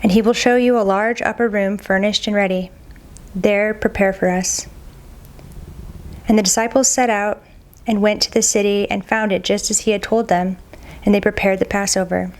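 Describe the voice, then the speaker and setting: A woman reading scripture aloud at a steady, measured pace, sometimes stumbling on a hard name and repeating it. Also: medium pitch. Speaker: Bible reader.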